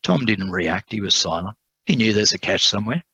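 A man's voice: fairly low pitch, lively intonation, brisk, creaky, pushed and bright, husky, no room sound. A man preacher narrating a parable in a sermon, with dramatic storytelling.

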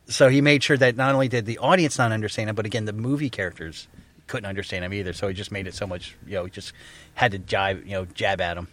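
A man from Florida co-hosting a casual movie review chat, rambling with fillers and quick laughs. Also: lowish voice, steady tone, fairly bright tone, dry recording. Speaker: podcast co-host.

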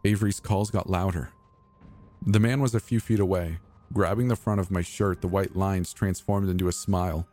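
Steady in tone, a man with a deep, very low voice recounts a horror story from his own point of view. Faint, soft music runs underneath his measured, careful delivery.

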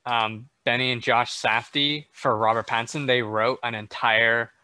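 A man's voice: medium pitch, fairly even intonation, normal speed, pushed and bright, clean tone. A young man in a casual chat about a film, explaining his view in a loose, thinking-aloud way. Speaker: film discussion co-host.

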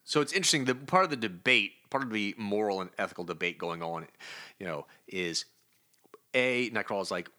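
A man co-hosting a comic book podcast, with a fairly low voice and a bright, forceful edge. He retells scenes playfully, acting out lines and laughing along the way. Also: lively intonation, fairly quick. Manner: laughs often, playful asides. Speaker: podcast co-host. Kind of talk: casual comic book review chat.

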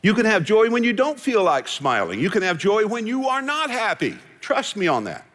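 A man's voice: high voice, moderate pace. A man giving a sermon as pastor, folksy and joking. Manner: folksy, joking, animated delivery. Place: large hall with musicians. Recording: hall reverb from live service.

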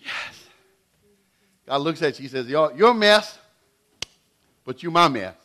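A middle-aged man preaching a sermon in an animated way, swinging between loud and hushed delivery. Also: a little high, unhurried. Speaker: pastor.

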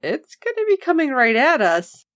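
A woman co-hosting a casual chat, recapping an episode and acting out the characters' lines with lively reactions. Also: sits high, moderate pace, no room sound, studio quality. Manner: animated, acts out characters' lines. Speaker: podcast co-host recapping a TV episode.

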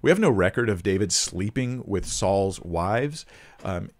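A man's voice: fairly low pitch, animated, a little slow. A man answering viewer questions about the Bible, thinking aloud and reading scripture passages with emphasis. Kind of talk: casual teaching Q&A.

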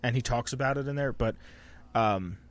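A man's voice: mid-range voice, normal speed. Guy hosting a podcast, rambly and sweary, just chatting. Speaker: podcast host. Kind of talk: casual chat.

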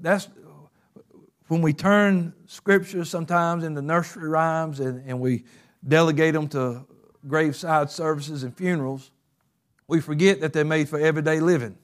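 A male pastor delivers a sermon in a voice pitched a little high. His delivery moves between easy, conversational storytelling and fervent, rising exhortation. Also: steady tone, normal speed. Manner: preachy, builds to fervent shouts.

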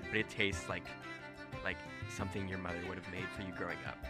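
A man's voice: sits low, little pitch movement, fast, loud music behind the voice. A man narrating a tabletop role-playing game as game master, casual and rambling, with frequent laughs.

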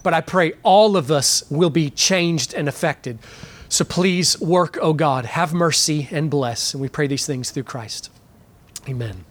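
A man preaching to a live congregation. He moves from a quiet, earnest prayer into lively storytelling, then drives his points home with emphatic, climbing questions. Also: on the high side, a little slow. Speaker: pastor. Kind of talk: sermon. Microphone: live church microphone.

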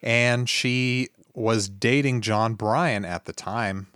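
A man co-hosting a music podcast, chatting casually with many pauses and fillers. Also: medium pitch, clean tone, no room sound, clean studio sound. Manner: relaxed, hesitant, many fillers. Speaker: podcast co-host. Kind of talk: casual chat about music.

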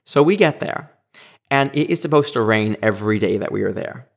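A man casually telling a personal anecdote, animated and quick to act out what others said. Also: lowish voice, creaky. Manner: animated, acts out quoted lines. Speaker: storyteller.

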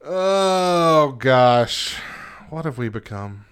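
A man's voice: on the high side, animated, extremely slow, noisy background. A man hosting a radio show, chatting wryly and switching to upbeat announcements and sponsor reads. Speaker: radio host.

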